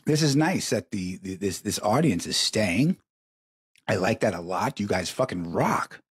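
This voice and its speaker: A man's voice: lowish voice, expressive, a little slow, slightly rough, no echo. A middle-aged man hosting a live show, telling crude stories in a profane, rambling way and repeating his words for emphasis, while stoned. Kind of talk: crude stream-of-consciousness storytelling.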